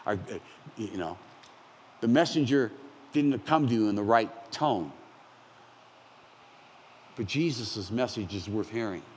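A pastor in his sixties preaching a conversational, animated sermon with self-deprecating asides. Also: on the low side, unhurried, pauses often, a little hiss or hum. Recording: long hall reverb, faint ambience.

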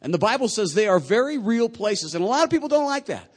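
A man preaching a sermon. His delivery is conversational and swings between hushed, slow passages and louder, quicker ones. He brings in quoted people with lively voices of their own. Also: high-pitched. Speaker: pastor.

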